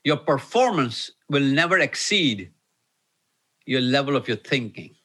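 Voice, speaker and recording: A man preaching to an online audience, repeating key lines slowly and emphatically. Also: medium pitch, expressive, pushed and bright, husky. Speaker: pastor. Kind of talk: sermon with live Q&A.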